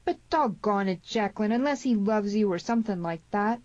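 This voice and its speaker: A woman's voice: medium pitch, expressive, a little fast, a little mellow, no echo, voice pushed up, natural voice. A woman narrator voicing a folksy frontier man who grumbles and bends his grammar. He sounds rustic and put-upon. The audiobook sound is dry and a little dull. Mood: grumbling.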